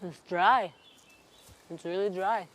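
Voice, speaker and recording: A woman's voice: medium pitch, slow pace, a bit bright. An actress playing a young woman spy who teases her sister in a dry manner. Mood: teasing.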